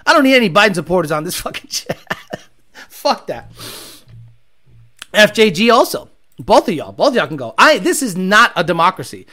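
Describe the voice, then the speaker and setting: Brief: male streamer who swears constantly and jeers at chat, with an animated, swooping delivery. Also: high-pitched, moderate pace, pauses often. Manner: profane, mocking, rambling storyteller. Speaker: livestream host reading chat. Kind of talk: casual profane livestream rant.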